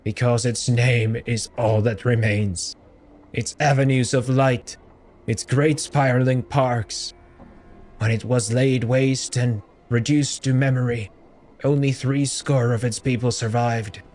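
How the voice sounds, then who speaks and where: A man reading a hoarse, grieving holy man. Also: mid-range voice, fairly even intonation, slow pace, a little mellow, lightly acted. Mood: mournful. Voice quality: parched and hoarse. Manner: solemn and mournful. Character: weeping dust-covered holy man mourning a lost city.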